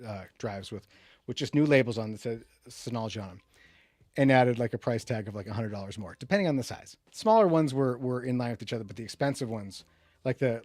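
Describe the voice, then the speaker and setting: This man hosts a casual tech livestream, rambling and restarting often. He swings between loud, emphatic bursts and low, muttered asides, and there's no echo on the recording.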